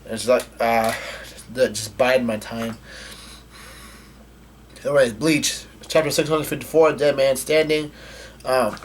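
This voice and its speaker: A man narrating a comic chapter in a loose, rambling way, full of fillers, restarts and casual swearing. His voice sits at a middling pitch, with a faint hiss in the background. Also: fairly even intonation, measured pace, long pauses. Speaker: manga reading channel host. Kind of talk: casual comic read-through with commentary.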